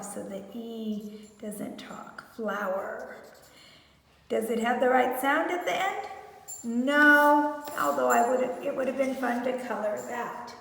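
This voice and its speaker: A woman's voice: high voice, creaky, a bit bright, a little hiss or hum. A woman teaching a phonics lesson to young children, stretching out sounds as she sounds out words. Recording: echoey room with long reverb.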